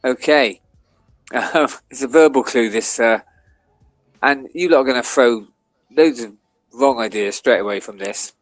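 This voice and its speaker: A man's voice: mid-range voice, measured pace, long pauses, no echo, soft background music. A man co-hosting a live stream, talking casually and teasing out cryptic hints.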